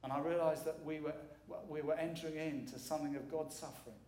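A man's voice: fairly high pitch, steady tone, fast, darkish tone. A middle-aged man preaching as a guest speaker, earnest and emphatic, repeating words for weight. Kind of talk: sermon. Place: church sanctuary. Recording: echoey church hall.

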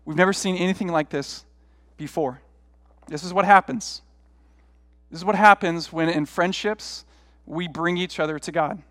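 A man's voice: high voice, normal speed, pauses often, fairly bright tone, dry recording, studio quality, in a large hall. A middle-aged man, a pastor, preaching a sermon through rambling, self-deprecating personal stories in a conversational way.

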